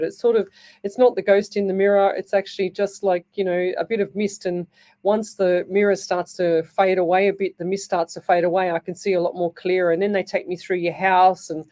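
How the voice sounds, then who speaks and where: An Australian woman with a fairly low, mellow voice hosts live radio from a studio as a psychic medium. She chats and rambles through stories, using lots of fillers.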